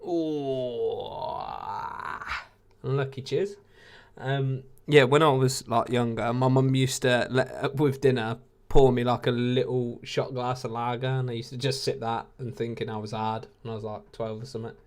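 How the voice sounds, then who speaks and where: A man's voice: mid-range voice, flat delivery, normal speed, hardly any pauses, clear, resonant tone. A man in his late twenties with an English accent, hosting a casual live watch-along and chatting with viewers, laid-back and laughing often. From England. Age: 20s.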